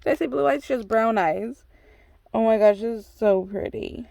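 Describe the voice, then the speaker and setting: A woman's voice: fairly high pitch, normal speed, creaky, mellow, slight background noise. A woman hosting a craft channel, opening a swap package and gushing over every piece with constant exclamations. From United States. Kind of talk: excited unboxing chat.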